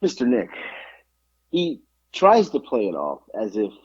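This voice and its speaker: A man's voice: medium pitch, measured pace, slightly rough, dry recording, dull audio. A man in his forties co-hosting a podcast, telling stories in casual chat, acting out quotes and swearing freely. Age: 40s. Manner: animated storytelling, acts out quotes, swears freely. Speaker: podcast co-host.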